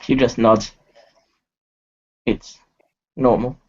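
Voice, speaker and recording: A man playing a tabletop game, narrating his character in halting phrases. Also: medium pitch, level tone, a little mellow, muffled recording. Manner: halting, with restarts. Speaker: player.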